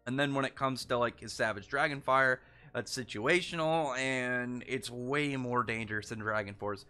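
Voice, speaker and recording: Bright-voiced young man rambling casually. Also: medium pitch, moderate pace, smooth, soft background music. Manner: rambling, restarts often, lots of "like". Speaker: manga reviewer. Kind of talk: casual solo commentary.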